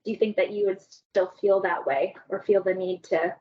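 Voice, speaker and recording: A woman's voice: mid-range voice, steady tone, normal speed, phone-quality sound. A woman hosting a panel talk, asking curious, probing questions.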